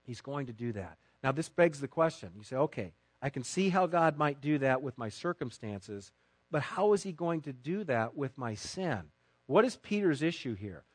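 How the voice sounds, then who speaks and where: A man preaching a sermon to his congregation with emphatic stresses and quiet asides. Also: mid-range voice, very animated, moderate pace, no room sound. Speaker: pastor.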